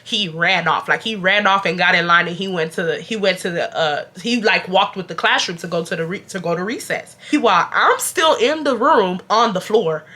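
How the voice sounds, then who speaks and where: A woman's voice: on the low side, normal speed, few pauses. A young woman who is feeling sick, telling a casual storytime vlog, chatty and talking straight to her viewers. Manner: chatty, animated, talks straight to viewers with y'all. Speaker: YouTube storyteller.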